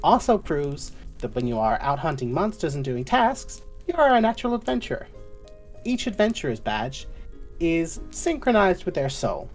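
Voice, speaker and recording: A woman's voice: deep voice, big pitch swings, normal speed, faint music behind, voice pushed up. Woman putting on a doting guild clerk. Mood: fussing. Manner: fussy and doting, calls people doll, sweetie and babe. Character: bustling chatty female guild receptionist.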